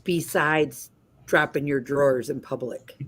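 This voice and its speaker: A woman hosting a casual livestream chat, telling a story in a lively way over a video call. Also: very deep voice, unhurried. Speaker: host.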